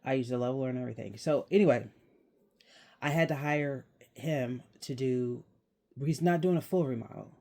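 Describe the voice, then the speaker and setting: Young adult man, vlog host, casual rambling chat, mid-pitched, laughs now and then. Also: gravelly, a little mellow. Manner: rambling, chatty, laughs while talking. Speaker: channel host.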